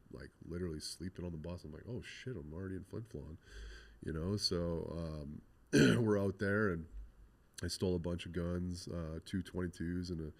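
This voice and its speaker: A young man from Canada with a very low, deep voice talks through a hard story from his past. He rambles, swears freely and leans on "like" and "you know" as he goes. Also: vocal fry, darkish tone. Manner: rambling, swears often, full of "like". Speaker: podcast guest. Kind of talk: casual storytelling interview.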